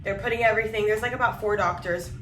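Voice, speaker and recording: A woman's voice: mid-range voice, quick pace, a bit bright, recorded from a distance, slight background noise. A young woman vlogger telling a personal story in a rambling, emotional way, with lots of fillers and restarts. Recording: echoey room, voice off-mic.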